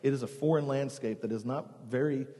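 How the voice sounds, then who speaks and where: A man's voice: mid-range voice, brisk, warm tone. A male pastor preaching a sermon in an earnest, conversational way, sometimes restarting words. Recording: long reverb in a church hall.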